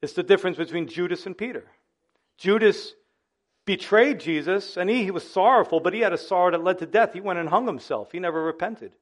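Animated male pastor, slightly high voice. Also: brisk. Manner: animated, conversational preaching with asides to listeners. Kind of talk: sermon.

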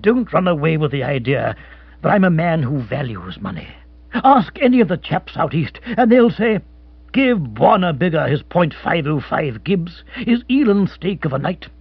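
A man reading an audiobook who voices a crushed but gallant British colonial hunter, talking low and earnestly, often in a mutter. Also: big pitch swings, normal speed, husky, dry recording, exaggerated voice. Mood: lovelorn. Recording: dull, dry close recording.

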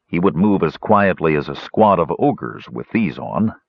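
A man narrating a fantasy audiobook in an expressive, measured storytelling voice. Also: low voice, vocal fry, slightly rough, dry recording. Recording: dull lo-fi, dry audio.

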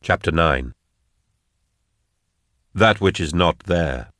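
Deep-voiced male audiobook narrator. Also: lively intonation, takes it slowly, a bit bright, no echo, clean studio sound. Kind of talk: scripted narration.

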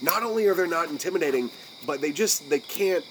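A man's voice: fairly high pitch, lively intonation, a little fast, fairly bright tone, slight background noise, low-quality recording. Casual swearing man on a podcast. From United States. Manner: rambling, profane, searching for words. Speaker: podcast co-host.

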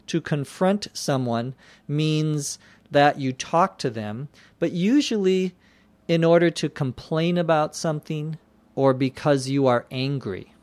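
A man teaching English vocabulary, explaining words slowly and spelling them out letter by letter. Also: fairly high pitch, a little mellow, no room sound. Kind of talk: slow explanatory lesson.

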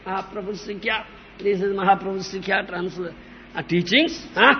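A man's voice: sits high, fairly even intonation, normal speed. A man giving a devotional lecture as a spiritual teacher, repeating himself and checking that listeners understand, now and then chanting verses. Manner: repetitive, asks listeners "huh?", "understand?". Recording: dull lo-fi recording in a reverberant hall.

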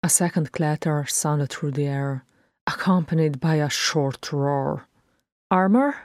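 A woman narrates a story in a low, unhurried voice. Her reading is steady and measured, and the recording is dry and close. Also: no room sound. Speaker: reader. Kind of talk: audiobook fan fiction narration.

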